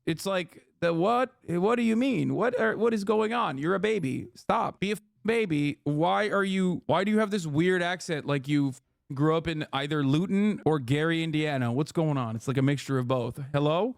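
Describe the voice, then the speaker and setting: A man co-hosting a live stream, chatting sarcastically and reading news articles aloud quickly. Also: fairly high pitch, creaky, no echo, clean studio sound. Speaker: streamer co-host.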